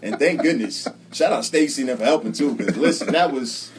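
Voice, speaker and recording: A man's voice: mid-range voice, animated, brisk. Here a laid-back man chats loosely on a podcast, laughing easily and calling out names. He sits a little back from the mic, with faint noise underneath. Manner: laid-back, laughs often, shouts out listeners. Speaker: podcast host. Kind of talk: casual chat. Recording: slightly distant mic, faint background noise.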